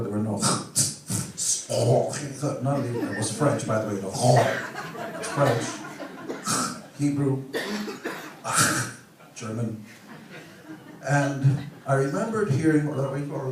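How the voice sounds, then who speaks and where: A man in his sixties gives a joking, playful speech to a conference audience and throws in loud bursts of emphasis. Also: mid-range voice, slight background noise. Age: 60s. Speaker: conference speaker. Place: large hall with an audience. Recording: echoey hall from far off.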